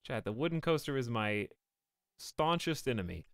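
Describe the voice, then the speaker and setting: A man streaming a game live, reacting excitably and bantering with his chat. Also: mid-range voice, moderate pace, vocal fry, no room sound.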